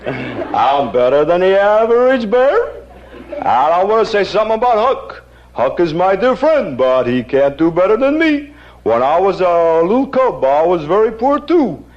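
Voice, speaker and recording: A man voicing a jolly, boastful cartoon bear who tells folksy stories in a slow drawl with chuckles, in an old archive recording. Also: high-pitched, very animated, a little mellow, lo-fi sound.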